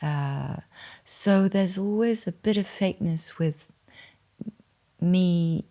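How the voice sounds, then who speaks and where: A French woman in her fifties speaking English with a posh English accent, answering interview questions softly and hesitantly, with many pauses. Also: on the low side. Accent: posh English with slight French. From France. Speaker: guest.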